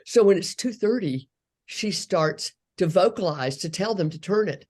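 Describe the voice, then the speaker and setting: A woman's voice: fairly low pitch, normal speed, breathy edge. A woman in her sixties, a speech therapist, telling a long personal story in an interview, acting out the people she quotes. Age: 60s. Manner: earnest, animated storytelling with quoted voices.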